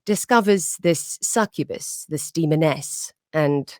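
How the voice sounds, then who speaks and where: A woman's voice: low-pitched, slow, a little mellow, no echo, clean studio sound. A woman putting on a brooding old-world vampire lady.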